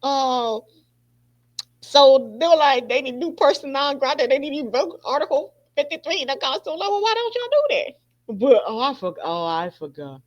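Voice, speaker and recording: A woman's voice: high-pitched, expressive, normal speed. A woman hosting a podcast, talking in a casual, profane way and laughing often. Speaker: podcast host. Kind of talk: casual commentary. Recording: dull lo-fi sound.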